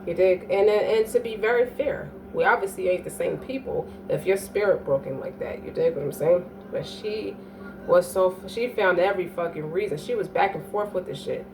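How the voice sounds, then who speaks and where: A woman with a fairly low voice, speaking at normal speed, gives a casual astrology reading. She's profane and emphatic, often checking "you dig?" The mic sounds distant, with faint background noise.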